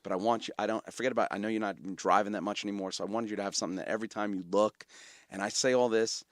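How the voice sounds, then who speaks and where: A middle-aged man with a New York accent, a company founder telling a heartfelt story in an interview, animated and full of fillers. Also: fairly low pitch, very fast, dry recording, clean studio sound. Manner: animated, repeats words, many fillers. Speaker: guest, company founder and CEO. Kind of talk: emotional storytelling in conversation.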